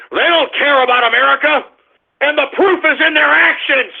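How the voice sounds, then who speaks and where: A high-pitched, gravelly man rants on his talk radio show, swearing and snapping at trolls before launching into politics. His voice is husky and rough. The sound is thin and tinny, like a phone line. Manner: ranting, profane, combative, shouting at trolls.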